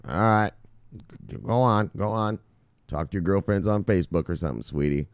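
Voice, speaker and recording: A man's voice: low voice, moderate pace, smooth, no room sound. A man hosting a crypto video, ranting in a fired-up, preacher-like way, swearing constantly and repeating himself. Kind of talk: profane ranting commentary.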